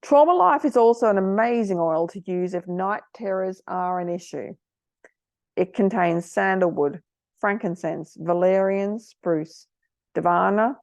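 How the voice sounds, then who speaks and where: This is a middle-aged woman hosting a casual talk for parents, earnest and heartfelt. Her voice carries a gravelly fry. The sound is dry and close, with no room around it. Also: mid-range voice, no room sound. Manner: earnest, gets emotional, warm advice. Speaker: host.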